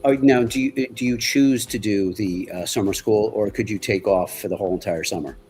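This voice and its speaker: A man's voice: on the low side, a little fast, darkish tone, slight background noise. A man from Long Island with a New York accent, chatting casually as a livestream guest and asking lots of questions. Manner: asks many questions, rambling with restarts. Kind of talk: casual chat.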